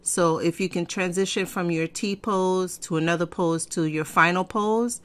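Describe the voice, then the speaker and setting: Woman, deep voice, casual tutorial host, digressive, chatty, desk mic. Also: fairly even intonation, normal speed. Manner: chatty, digressive, frequent ums and throat clearing. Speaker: fashion software tutorial host. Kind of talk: casual screen-recorded tutorial. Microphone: desk microphone.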